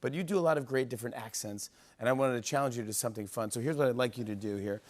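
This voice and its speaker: A man's voice: medium pitch, racing, a little mellow. A man hosting a talk show, explaining a game eagerly, rambling and laughing as he goes. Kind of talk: casual talk show banter.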